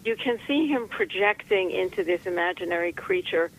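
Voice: mid-range voice, animated, moderate pace, a bit bright, low-quality recording. An author being interviewed, talking in a reflective, rambling way with restarts and dry jokes. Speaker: author guest. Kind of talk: conversational interview.

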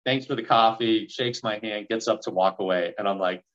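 A man in his forties telling a story in a podcast interview, acting out the dialogue with lively energy. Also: on the low side, a little fast, dull audio. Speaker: real estate investor guest.

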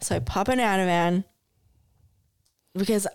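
A woman in her thirties co-hosting a casual podcast with a smooth, clean voice. She tells her stories in an animated, candid way and swears freely. Her pitch sits at a mid level. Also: unhurried, no room sound. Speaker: podcast co-host. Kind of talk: casual chat.

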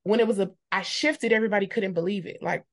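A woman's voice: mid-range voice, fast. A woman from Texas in her thirties talks as an interview guest with an everyday mid-range voice. She tells her stories with animation and acts out the dialogue of the people in them. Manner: animated storyteller who acts out quoted dialogue. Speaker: high school marketing teacher, guest. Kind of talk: casual interview conversation.

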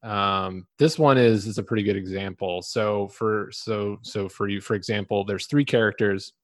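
A man co-hosting a podcast in relaxed, laid-back casual chat. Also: fairly low pitch, no room sound. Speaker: podcast co-host.

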